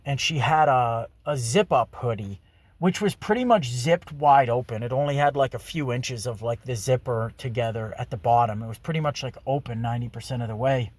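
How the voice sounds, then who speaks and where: A man's voice: mid-range voice, no room sound. A man telling a crude story in a profane, rambling, self-mocking way. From Canada. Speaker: podcast host.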